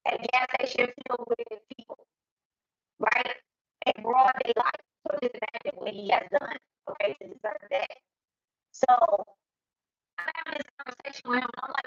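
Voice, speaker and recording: A woman's voice: on the high side, fairly bright tone, no room sound, distant mic, highs cut off. A woman giving a casual livestream spiritual reading, talking loosely and checking in with her listeners. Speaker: spiritual reader.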